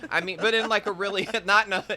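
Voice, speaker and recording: A man's voice: high-pitched, fairly even intonation, quick pace, a crowd in the background. A male podcast host chatting casually and expressively, often laughing. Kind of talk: casual chat.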